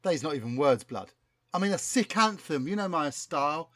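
A man's voice: a little high, animated, moderate pace, fairly bright tone. A man playing a brash young male rapper who talks in street slang. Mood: brash, cocky.

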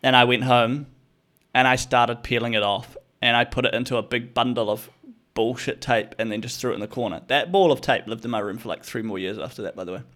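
A man's voice: mid-range voice, fairly quick. Young male host, casual comic storyteller, profane and slangy, talks straight to the listener. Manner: animated, swearing, slangy, addresses listener as bro. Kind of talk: casual comedic storytelling rant.

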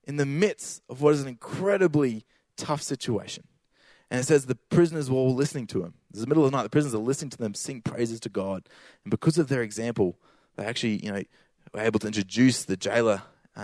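A man's voice: mid-range voice, a little mellow, no room sound. A man giving a casual sermon with slang, building to emphatic repeated lines.

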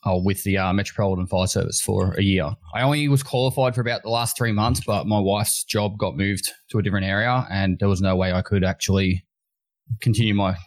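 A man with an Australian accent, a guest streamer, telling his story in a relaxed, straightforward way. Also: lowish voice, fairly quick. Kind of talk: casual chat.

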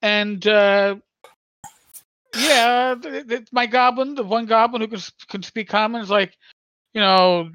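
A man's voice: sits high, steady tone, measured pace, sharp tone, clean tone, dry recording. Rambling older man, dull dry sound. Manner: rambling, stammering storyteller with many restarts. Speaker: podcast co-host. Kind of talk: casual chat.

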